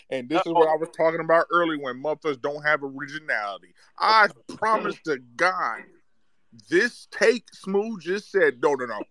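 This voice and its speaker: A man in a heated sports chat, ranting and cursing. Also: fairly high pitch. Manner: ranting, profane, worked up. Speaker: caller on a live audio chat.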